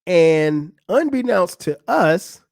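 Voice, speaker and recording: A man's voice: high-pitched, slow, creaky, no room sound, studio quality. A man hosting a podcast, telling a funny story in a casual, profane way and acting out what other people said. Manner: animated, profane, acts out other people's lines. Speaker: podcast host. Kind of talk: storytelling monologue.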